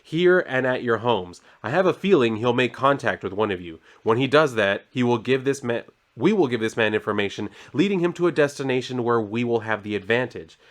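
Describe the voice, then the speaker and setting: A man reading the lines of a calm, ruthless male hired assassin from a comic, in a flat, matter-of-fact way. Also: mid-range voice, a little fast, hardly any pauses, close to an everyday voice. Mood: cold.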